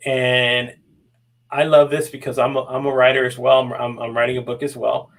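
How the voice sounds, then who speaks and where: A man's voice: medium pitch, little pitch movement, normal speed, a bit bright. A man hosting a casual interview, asking friendly, encouraging questions. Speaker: podcast host.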